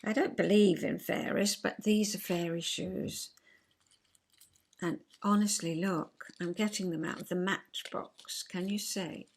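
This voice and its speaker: A woman's voice: on the low side, steady tone, unhurried, gravelly. Older english lady nattering to the camera, rambly and chuffed about everything. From England. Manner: chatty, rambling, warmly enthusiastic with little laughs. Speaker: vlogger. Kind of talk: casual chat to camera.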